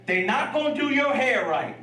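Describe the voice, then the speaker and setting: A preacher doing a stern Caribbean dad. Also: male voice, extremely high pitch, very animated, moderate pace, pushed and bright, reverberant, recorded from a distance, heavily acted, low-quality recording. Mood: scolding. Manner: scolding. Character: strict Caribbean father, stern, unsympathetic.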